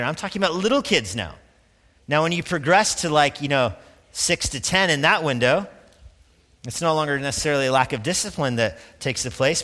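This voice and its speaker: A man preaching a sermon, talking to the congregation in a loose, conversational way with quick asides. His voice is bright and forceful. It rings out with a long reverb, as in a big hall. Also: mid-range voice. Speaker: pastor.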